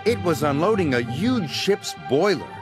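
A man reading a children's story aloud as narrator, expressive and dramatic. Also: moderate pace. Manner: expressive, shifting pitch for drama. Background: music.

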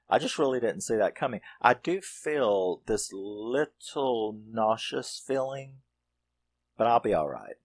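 A man's voice: medium pitch, animated, unhurried, no echo. A man casually reviewing a horror film, rambling, swearing and acting out characters' lines.

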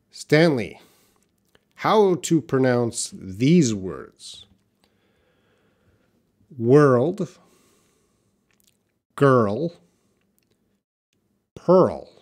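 Reading viewers' questions aloud during a live Q&A stream, a man teaches English and models words for his audience to repeat. He speaks in a lowish, slightly mellow voice.

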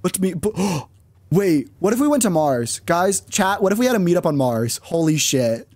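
A man's voice: high voice, big pitch swings, normal speed, darkish tone, no echo. A man streaming a game, chatting casually and rambling with plenty of fillers. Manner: rambling, lots of fillers and laughs. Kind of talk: casual chat.

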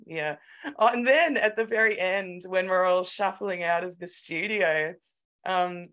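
An Australian woman co-hosting a podcast, telling a story in an animated, sweary, casual way. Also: fairly low pitch. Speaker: podcast co-host. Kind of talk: casual chat.

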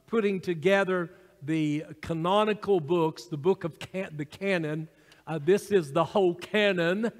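High-voiced pastor preaching in a hall. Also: male voice. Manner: teaching from notes, with fillers and asides to the congregation. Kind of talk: sermon. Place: church sanctuary.

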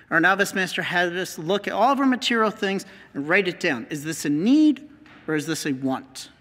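American priest teaching, higher voice, earnest and repetitive, long hall echo. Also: male voice, fairly bright tone. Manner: earnest, repeats key phrases for emphasis. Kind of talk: teaching talk with slides.

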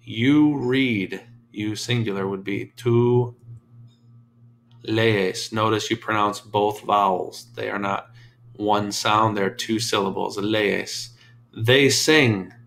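A man's voice: on the low side, creaky, fairly bright tone, slight background noise. A man teaching a Spanish lesson, patiently calling out English prompts and then the answers. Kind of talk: slow deliberate classroom drill.

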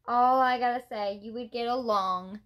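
A woman's voice: on the high side, fairly even intonation, moderate pace, muffled recording. A young woman chatting casually while doing her makeup on a livestream, telling stories in an exasperated, talkative way and greeting viewers. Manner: chatty, exasperated storytelling, reads and greets chat. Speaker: makeup vlogger.

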